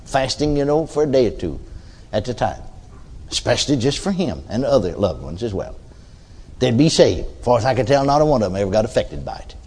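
A man's voice: mid-range voice, sing-song, brisk, a little mellow, a little hiss or hum. An older man preaching a sermon in a folksy storytelling way, often adding amens and hallelujahs.

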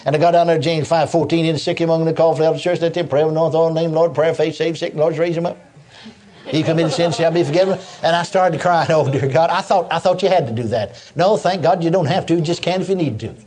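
A man's voice: on the high side, quick pace. An older man preaching a sermon, telling stories with lots of repetition and chuckles. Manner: animated storytelling with repetitions and laughs.

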